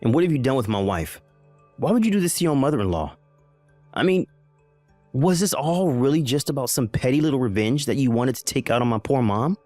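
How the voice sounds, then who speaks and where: A man acts out a bewildered husband in a text-message story drama. His voice is mid-pitched and swings widely as he fires off alarmed questions. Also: expressive, brisk, darkish tone, no echo, soft background music, close to an everyday voice. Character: bewildered husband, pleading and confused.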